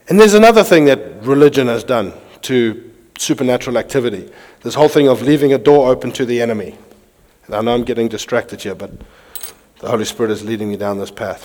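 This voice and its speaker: A man preaching a sermon, reading scripture aloud with animated delivery while pacing. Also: medium pitch, brisk. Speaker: pastor. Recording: long hall reverb.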